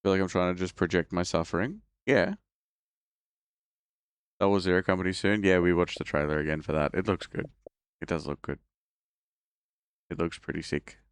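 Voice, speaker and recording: A male game streamer chats casually, rambling and poking fun at himself. His voice sits deep, and the recording sounds close and dry, with no room around it. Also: fairly quick, smooth, dry recording. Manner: rambling, self-mocking, chatty.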